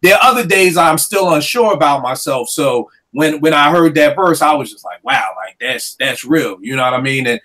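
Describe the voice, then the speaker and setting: A man talks through lyrics he loves in loose casual chat. His voice sits a bit high, and he slips into quick acted-out voices as he tells his stories. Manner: animated, acts out voices while telling stories.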